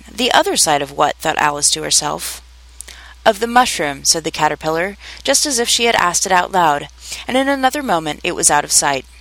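A woman narrating a storybook chapter aloud in a measured, clear manner. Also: lowish voice, bright, forceful tone, dry recording, low-quality recording. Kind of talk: storybook reading.

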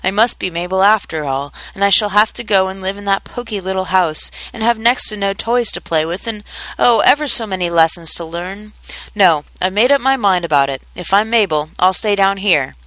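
A woman's voice: medium pitch, moderate pace, a bit bright, no room sound, lightly acted, poor audio. A woman voicing a curious, fretful little girl who chatters and wonders aloud to herself in a storybook reading. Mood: tearful.

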